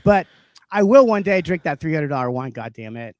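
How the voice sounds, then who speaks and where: A man's voice: on the high side, sing-song, fairly quick, a little mellow, dry recording. A man co-hosting a livestream in casual comedic chat, ranting, swearing and laughing as he tells stories. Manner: profane, ranting, laughs often. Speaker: livestream co-host.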